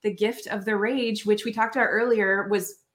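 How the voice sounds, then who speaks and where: A woman's voice: mid-range voice, steady tone, moderate pace, a bit bright. A woman hosting an interview podcast, speaking in a reflective, searching way with frequent restarts. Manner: thoughtful, searching, many restarts. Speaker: podcast host.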